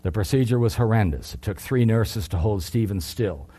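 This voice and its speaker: Low-voiced man preaching a sermon. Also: moderate pace, warm tone, husky.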